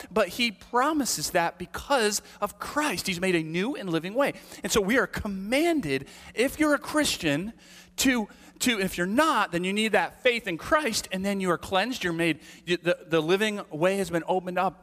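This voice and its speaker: A man's voice: a little high, a bit bright. A male pastor preaching a conversational, storytelling sermon, often checking in with "right?". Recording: long hall reverb.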